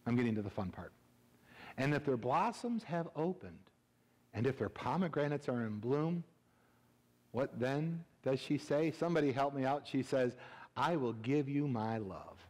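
A middle-aged male pastor preaching a humorous sermon, animated and joking, swinging between loud bursts and hushed asides. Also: mid-range voice, moderate pace. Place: church sanctuary. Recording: reverberant church hall.

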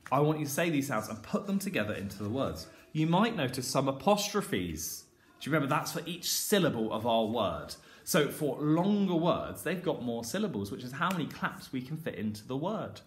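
A man teaching a phonics lesson to young children. He sounds out letters slowly and with exaggeration, in an encouraging sing-song teacher voice. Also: medium pitch, big pitch swings. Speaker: primary school teacher. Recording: echoey room with faint background noise.

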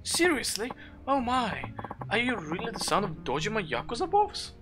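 Guy doing a flirty hostess lady, all coos and gushing, voice pushed up high, game music under it. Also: wildly swooping pitch, normal speed. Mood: cooing. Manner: gushing, cooing. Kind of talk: reading game subtitles aloud in voices.

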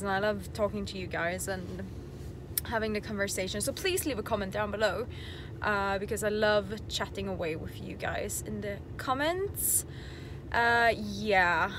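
A woman's voice: medium pitch, noisy background. A woman vlogger chatting casually to a handheld camera, rambling with lots of fillers. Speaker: horse-riding vlogger. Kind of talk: casual vlog chat to camera.

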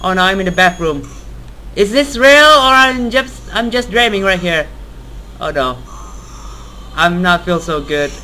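A young man plays a horror video game and comments in halting, non-native English, yelling at the game and screaming at every jump scare. His voice sits high and very bright, and he talks slowly. A faint hiss runs under the recording. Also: lively intonation, poor audio. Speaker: gamer.

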